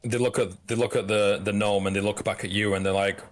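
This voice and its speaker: A man narrating as game master of a tabletop game, halting and restarting as he describes the scene. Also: lowish voice, little pitch movement.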